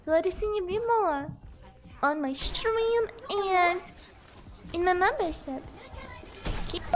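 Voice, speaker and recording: A woman's voice: very high voice, very animated, slow, pauses often, faint music behind. A woman live streamer chatting casually with her viewers, giggling often and joking about herself while losing her voice a little. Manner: giggly, self-deprecating, laughs often.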